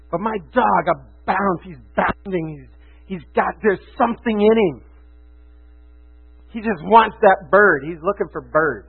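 Fervent high-voiced male preacher, tinny sound. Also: husky. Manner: passionate, swings from hushed to loud emphatic. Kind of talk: sermon. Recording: tinny phone-like sound with mains hum.

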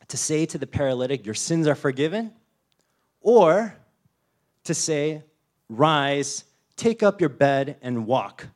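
A young man giving a sermon in an easygoing, conversational way. He tells the story with lots of energy and slips into little acted-out voices. His voice sits at an ordinary middle pitch. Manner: animated storytelling, acts out voices, frequent "you know" and "like". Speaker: pastor.

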